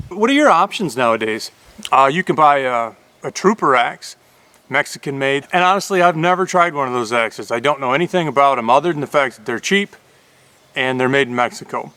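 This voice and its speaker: A man's voice: fairly high pitch, bright, forceful tone, no echo. A man casually talking through a new axe on his vlog, plain-spoken and chatty with a folksy manner. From Upper Michigan. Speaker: YouTube host reviewing an axe.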